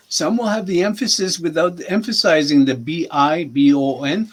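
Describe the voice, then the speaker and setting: A man in his sixties, a language teacher on a podcast, patiently saying each word and repeating it slowly. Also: on the high side. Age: 60s. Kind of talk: teaching words in a podcast chat.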